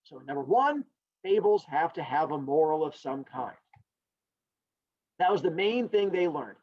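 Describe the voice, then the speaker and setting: A man teaching a class, animated and joking as he talks straight to his students. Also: on the high side, a little slow, no echo. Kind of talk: recorded classroom lecture. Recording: dull lo-fi sound.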